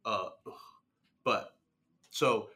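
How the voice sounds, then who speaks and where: Bright-voiced young man telling a story. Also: lowish voice, drawn-out words. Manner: animated, laughs while telling stories. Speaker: podcast guest. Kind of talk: casual storytelling chat.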